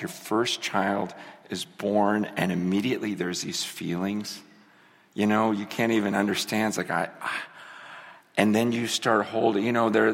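A man's voice: fairly low pitch, gravelly. A young man preaching a sermon with strong emotion, often repeating and restarting his phrases. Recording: long hall reverb.

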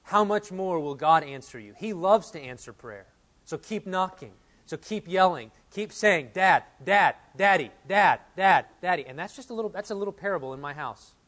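A man in his thirties preaching a sermon, earnest and animated, reading quotes aloud and telling stories from home. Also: on the high side, fairly quick. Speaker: pastor.

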